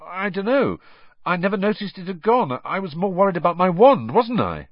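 A man's voice: high-pitched, very animated, normal speed, no room sound, dull audio, pitched above the performer's own voice. A man voicing an easygoing teenage boy in an audiobook. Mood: defensive.

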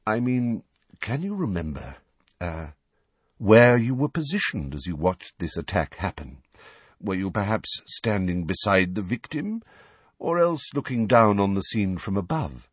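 A man reading the lines of an elderly headmaster in a quiet, measured, calm tone. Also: fairly low pitch, breathy edge, no echo, full character voice.

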